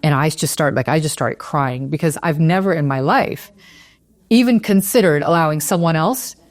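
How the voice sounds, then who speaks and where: A woman's voice: low-pitched, moderate pace, no room sound. Teary woman telling a heartfelt story. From Las Vegas area. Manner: earnest, animated, retells dialogue. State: teary, near crying. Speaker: real estate broker, podcast guest. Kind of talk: emotional storytelling in an interview.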